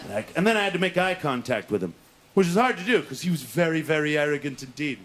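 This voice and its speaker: A man's voice: fairly high pitch, sing-song, quick pace. A man telling a self-mocking stand-up story in a frantic manner, flipping into silly voices, recorded in a noisy studio. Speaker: stand-up comedian.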